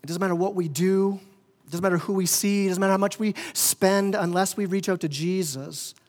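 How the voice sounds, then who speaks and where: A male pastor preaches in a high, lifting voice, surging loud and then sinking quiet, repeating words as he builds. His voice carries a long reverb in a church hall. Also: steady tone, brisk. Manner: impassioned, rising and falling in volume, stammering restarts. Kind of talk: sermon. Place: church sanctuary.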